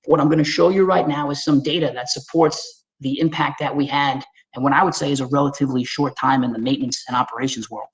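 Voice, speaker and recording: Talking fast in a mid-range voice, this New York–accented Staten Islander walks a webinar audience through his slides. He's energetic and folksy, speaking conversationally and straight to listeners, though the recording is rough.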